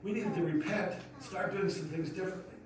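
A man's voice: sits high, steady tone, fairly quick. A man, a pastor, preaching a sermon in an earnest storytelling manner that rises to emphatic questions. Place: church sanctuary. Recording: echoey hall from far off, noisy.

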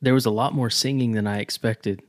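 A man's voice: mid-range voice, steady tone, brisk, dry recording. A man co-hosting a sports podcast, chatting casually and agreeing in short replies. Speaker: podcast co-host.

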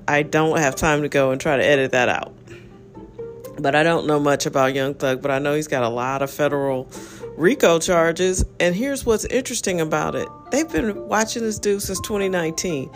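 A man's voice: on the high side, moderate pace, soft background music. A man hosting a casual solo podcast, talking in a rambling, frank way full of fillers. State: yawning, relaxed. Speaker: podcast host.

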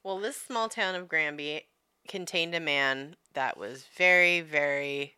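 Low, bright-voiced woman telling a story. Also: a little slow, clean tone, no room sound, clean studio sound. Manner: laughing, swearing, rambling storyteller. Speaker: podcast co-host. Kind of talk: casual chat.

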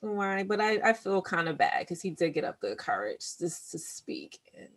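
A woman in casual chat, telling a story in a drawn-out, expressive way with breathy asides. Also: lowish voice.

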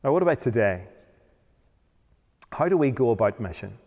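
A man's voice: mid-range voice, big pitch swings, normal speed, darkish tone. A man preaching a sermon, emphatic, often asking rhetorical questions. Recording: long hall reverb.

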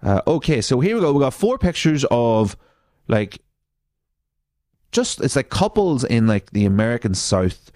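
Man, podcast host, sarcastic, swears a lot, mid pitch, dry close sound. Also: big pitch swings, a little slow, darkish tone, no room sound. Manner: sarcastic and profane, mocking. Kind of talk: comedic podcast commentary reading social media posts.

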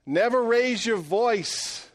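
A middle-aged man preaching a sermon, animated and joking, swinging between loud and hushed delivery. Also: very high voice, takes it slowly. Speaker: pastor.

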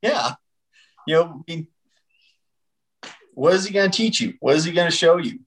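Male podcast guest, earnest and direct, advice-giving tone, slightly high voice. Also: animated, moderate pace, fairly bright tone, low-quality recording. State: married. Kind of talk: candid faith podcast conversation.

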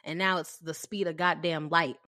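Lively, cursing young woman podcaster. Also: deep voice, moderate pace, dry recording, studio quality. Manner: animated storyteller, swears freely. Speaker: podcast co-host. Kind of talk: casual chat.

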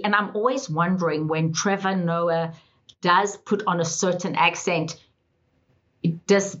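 A South African woman speaks with a low, husky voice and tells stories with lively emphasis. The audio is a little muffled. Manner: expressive, storytelling, emphatic. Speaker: guest. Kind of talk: podcast interview.

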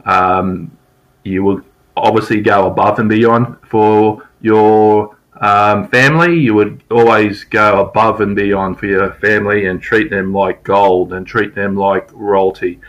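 Middle-aged guy teaching sales, lowish voice, chatty, hammers his points home. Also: fairly bright tone, rough recording. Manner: conversational and repetitive, stressing key points. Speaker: sales trainer. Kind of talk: informal spoken sales lesson.

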